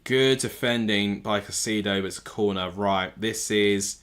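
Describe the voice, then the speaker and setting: A man's voice: on the low side, unhurried, a bit bright, clear, resonant tone. A man streaming a live football watchalong from home, reacting to the match and often correcting himself aloud as he goes. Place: home room with TV.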